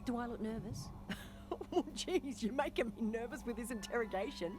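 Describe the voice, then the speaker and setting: A man's voice: extremely high pitch, brisk. An actor voicing a nervous, sick alien townsman in a comedy game, talking in a jittery, whiny, apologetic way. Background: game music.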